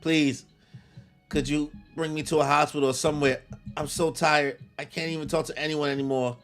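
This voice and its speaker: A man's voice: a little high, steady tone, normal speed, fairly bright tone, faint music behind, voice pushed up. A man reading out the lines of a frightened young woman begging for help, in a plain pleading tone.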